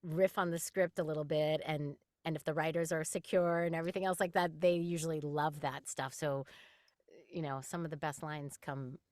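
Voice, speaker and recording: A woman voice actress chatting in an interview, her voice sitting a little low for a woman. She is animated and talkative, laughing easily between thoughts. The sound is close and dry. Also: moderate pace, dry recording. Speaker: voice actress guest. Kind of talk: casual interview chat.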